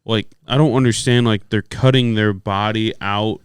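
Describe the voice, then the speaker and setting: Young man with a smooth, low voice, blunt. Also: fairly even intonation, normal speed, no room sound, clean studio sound. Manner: blunt, short judgmental remarks. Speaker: podcast co-host. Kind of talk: casual chat.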